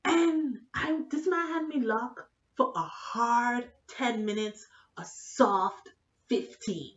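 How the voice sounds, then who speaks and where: A woman telling a comedic, profane story in an animated vlog style. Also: fairly high pitch, slow, muffled recording. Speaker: vlogger.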